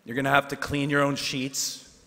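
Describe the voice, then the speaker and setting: A man, a teacher giving a graduation speech, earnest and self-deprecating, with asides and pauses for effect. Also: medium pitch, monotone, pushed and bright. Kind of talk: ceremonial speech. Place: large hall at a ceremony. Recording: hall reverb.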